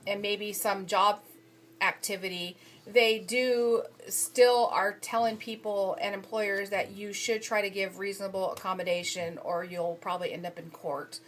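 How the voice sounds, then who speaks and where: Woman recapping her readings on a phone, halting, filler-heavy, mid-pitched. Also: fairly bright tone. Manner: hesitant, frequent ums and restarts. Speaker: human resources student reviewing journal articles. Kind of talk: casual spoken summary of readings. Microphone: phone camera.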